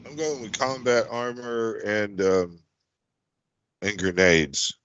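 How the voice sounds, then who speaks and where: A man's voice: on the low side, slow pace, fairly bright tone, clean tone, dry recording, muffled recording. A man playing in a tabletop game, chatting casually and hesitantly, often repeating himself. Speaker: player.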